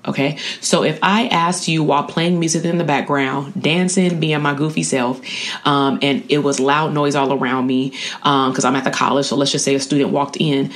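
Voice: medium pitch, steady tone, normal speed, fairly bright tone. An educator giving a casual spoken lesson on coping skills, talking in a slangy, conversational way and often checking in with the listener. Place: at a college.

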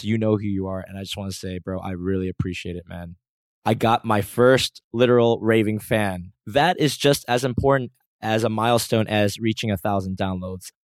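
A man's voice: on the low side, dry recording. A man hosting a solo podcast, joking at his own expense, then turning earnest. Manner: self-mocking, playful and earnest in turns. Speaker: podcast host. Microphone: close podcast mic.

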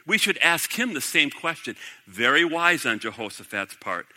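A man preaching a sermon, his voice bright and slightly raised. He reads scripture and stops to comment, then builds to emphatic points. The sound carries a long reverb from a large hall. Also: fairly high pitch, normal speed. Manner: animated preaching, rising to emphatic declarations. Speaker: pastor.

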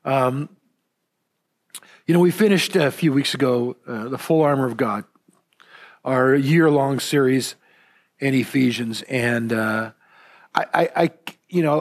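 A man giving a conversational sermon as a pastor, telling personal stories in a relaxed, rambling way with gentle self-deprecating humor and frequent fillers and restarts. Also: a little high.

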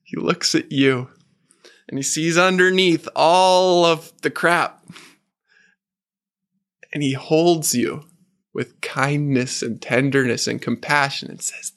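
In a faith talk, a man gently and earnestly coaches a men's group, reading aloud their answers and slowing on the words he quotes. His voice is on the high side and steady.

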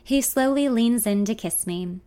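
A woman's voice: fairly high pitch, measured pace, warm tone. A woman reading a first-person story in a confiding, introspective way. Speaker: narrator.

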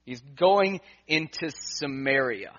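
A man preaching a sermon, telling a personal story and acting out his own thoughts, swinging between hushed asides and emphatic lines. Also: medium pitch, animated, slow. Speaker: pastor. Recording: dull lo-fi sound.

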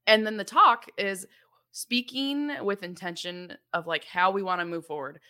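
A woman's voice: medium pitch, normal speed, bright, forceful tone. A young adult woman co-hosting a parenting podcast, explaining things in a chatty, casual way with frequent laughs and fillers. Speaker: podcast co-host.

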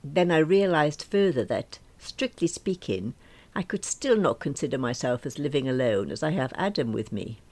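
Woman late 40s reading a diary-style story, dry and wry, low voice that swoops around a lot. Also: lively intonation, moderate pace, darkish tone. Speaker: narrator. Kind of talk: first-person audiobook reading.

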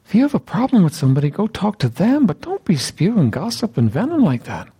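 A man's voice: high voice, wildly swooping pitch, fast, mellow, slightly rough. A man preaching an interactive sermon, repeatedly questioning his listeners with emphasis.

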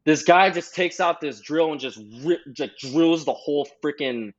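A man's voice: on the high side, moderate pace, crowd noise. A man in his twenties, a podcast guest, telling a long story in casual chat with lots of "like" fillers. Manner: rambling, heavy on "like". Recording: slightly dull lo-fi sound.

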